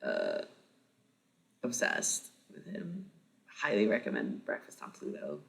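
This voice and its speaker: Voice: low-pitched, wildly swooping pitch, slow pace, creaky, fairly bright tone. A livestream host in their thirties, chatting casually with viewers, rambling, swearing freely and laughing often.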